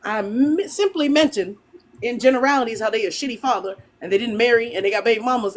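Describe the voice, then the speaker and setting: A woman on a live panel debate, speaking in a scornful, combative way and confronting other guests. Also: a little high.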